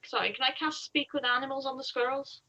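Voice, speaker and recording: A woman playing a tabletop game in casual chat, asking blunt, quick questions. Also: high voice, sharp tone, low-quality recording. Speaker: player.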